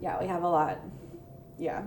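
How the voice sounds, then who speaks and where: A woman's voice: lowish voice, normal speed, a little mellow, reverberant, a little hiss or hum. A woman co-hosting a casual podcast chat, easygoing and agreeable, often trailing off with "um".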